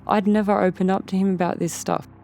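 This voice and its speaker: A woman's voice: medium pitch, flat delivery, fast, gravelly, a little mellow, slight background noise. A woman with an Australian accent, telling an interviewer a story in a rambling way and often repeating and rephrasing herself. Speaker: interview guest. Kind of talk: casual storytelling.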